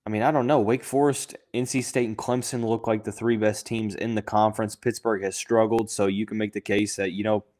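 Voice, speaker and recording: A man's voice: lowish voice, flat delivery, fairly quick, few pauses, darkish tone. A young man hosting a podcast, talking through sports in a casual, thinking-aloud way with lots of fillers and restarts, and he has the hiccups. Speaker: podcast host.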